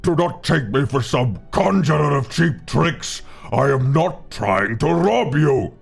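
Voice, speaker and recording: Man doing a booming old wizard: slow, loud and stern. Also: expressive, vocal fry, breathy edge, soft background music, heavily acted.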